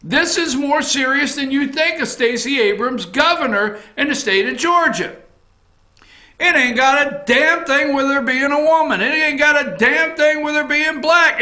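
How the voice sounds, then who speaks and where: A man hosting a political opinion show from an office, ranting bluntly with swearing, repetition and frequent shouting. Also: extremely high pitch, normal speed, echoey room. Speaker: talk show host.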